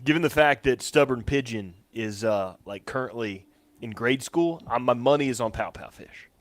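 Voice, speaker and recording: An easygoing sports show host who chats casually with a dry, amused edge. The recording is close and dry, with no room around the voice. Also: male voice, mid-range voice, expressive, moderate pace, dry recording.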